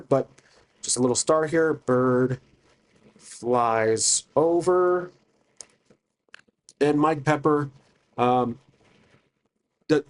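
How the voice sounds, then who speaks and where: A man narrating a solo tabletop game, thinking aloud hesitantly with many restarts. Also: medium pitch.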